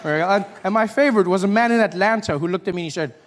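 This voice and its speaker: A man performing a stand-up comedy routine, animated and acting out characters. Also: high voice, rapid-fire, in a large hall. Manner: animated, acts out voices and shouts. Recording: live stage with faint audience noise.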